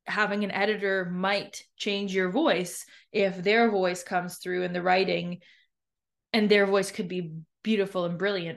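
A woman hosting a podcast, reflecting out loud in a candid, chatty way. She circles back on her thoughts with plenty of fillers and restarts, at a medium pitch. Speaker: podcast host and new author.

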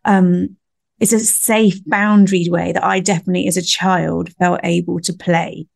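A woman's voice: fairly low pitch, level tone, normal speed, gravelly, darkish tone. A woman co-hosting a podcast, asking questions and reflecting aloud on her own childhood. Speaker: podcast co-host. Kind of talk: conversational interview.

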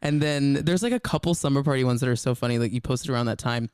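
A man co-hosting a podcast in casual chat, talkative and quick to laugh, with lots of filler words. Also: medium pitch, darkish tone, clear, resonant tone, no room sound, clean studio sound. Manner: chatty, laughs often, many "like" fillers. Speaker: podcast co-host.

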